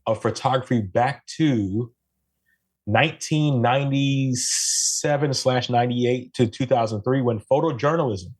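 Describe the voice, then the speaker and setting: Podcast guest, man from Jamaica, mid pitch, lively and talkative, casual. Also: measured pace. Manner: animated, tags statements with "right?".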